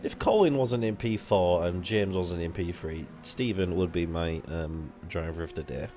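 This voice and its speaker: A young man commentating an online racing league live, rambling and casual, swearing freely and jumping up when the action heats up. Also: moderate pace. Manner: excitable, rambling, swears casually, jumps to high excited pitch.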